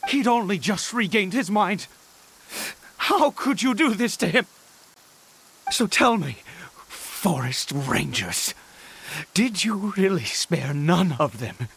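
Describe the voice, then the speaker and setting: A man's voice: sits high, lively intonation, measured pace, long pauses, a bit bright, husky, full character voice. An actor voicing a frantic, protective man searching for his missing son, with agitated, stammering outbursts, as game voice acting. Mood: bitter.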